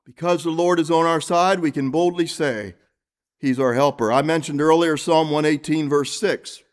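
A high-voiced man preaches an evening sermon in church. He reads scripture and turns often to the congregation with earnest questions. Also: normal speed.

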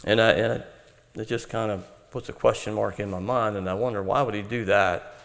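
A man preaching an earnest, measured Bible-teaching sermon. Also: fairly low pitch, steady tone, creaky, fairly bright tone, long reverb tail.

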